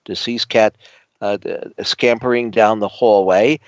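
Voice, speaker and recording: A man co-hosting a talk show, telling a story in a hesitant, halting way full of fillers. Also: on the low side, steady tone, no room sound. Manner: hesitant, halting, many uh's. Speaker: co-host. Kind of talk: casual talk-show chat. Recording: dull lo-fi audio.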